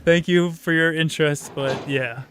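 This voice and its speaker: A man's voice: on the high side, fairly even intonation, normal speed, background noise. A man hosting a live game stream, chatting casually and rambling with offhand swearing. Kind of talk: casual live-stream chat while gaming.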